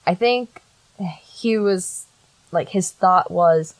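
In a dry recording, a young woman with a fairly low voice speaks slowly as she hosts a casual podcast chat. She recounts a case and reads quotes aloud with blunt sarcasm.

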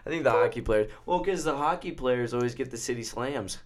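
A man co-hosting a casual podcast chat from Nebraska, teasing and laughing loudly. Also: medium pitch, expressive, fairly quick. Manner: teasing, loud bursts of laughter. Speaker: podcast co-host.

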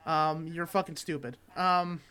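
A young man from Michigan co-hosting a comedy podcast, telling a long, profane, rambling story with lots of restarts. He sounds tired, and his voice has not warmed up yet. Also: a little high, fairly even intonation, measured pace, clean tone. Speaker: podcast co-host. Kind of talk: casual comedic chat.

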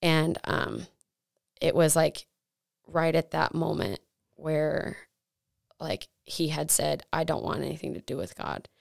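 Young woman co-host, low and gravelly, earnest testimony, dry sound. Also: expressive, slow, no echo. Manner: earnest testimony, many likes and restarts. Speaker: podcast co-host. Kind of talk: faith podcast chat.

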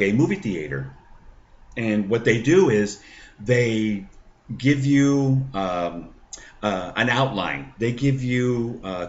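Slow, low-voiced man giving testimony. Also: muffled recording, a little hiss or hum. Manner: halting, many fillers and restarts. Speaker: podcast host. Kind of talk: personal testimony.

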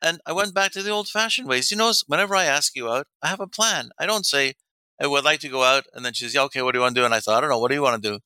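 Middle-aged guy, dating coach, super bright crisp voice, acts out the lines he quotes. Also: fairly high pitch, racing, no room sound. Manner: animated storyteller, acts out quoted dialogue, laughs often. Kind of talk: casual interview talk.

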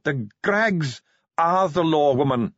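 A man's voice: medium pitch, huge pitch swings, measured pace, slightly rough, dry recording, dull audio, voice pushed up, full character voice. A man voicing a haughty, disdainful male dwarf steward in an audiobook, speaking in a pompous, clipped, condescending way. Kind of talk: audiobook character voice.

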